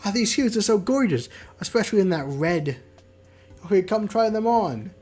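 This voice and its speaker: A game streamer voicing a bubbly young woman who is an eager shopping friend, gushing in a higher excited voice. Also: normal speed, soft background music, natural voice.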